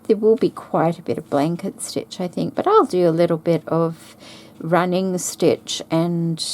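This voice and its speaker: A woman chatting softly and thinking aloud as she stitches a craft project, with the hiccups. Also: on the low side, slight background noise. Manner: slow, soft-spoken, thinking aloud while sewing. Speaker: craft vlogger. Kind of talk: casual stitching chat.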